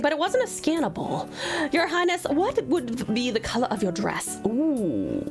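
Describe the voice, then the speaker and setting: A woman's voice: high-pitched, very animated, unhurried, music in the background. Bubbly woman streamer. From Tasmania, Australia. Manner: bubbly, thanks viewers by name, laughs often. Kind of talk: casual live-stream chat.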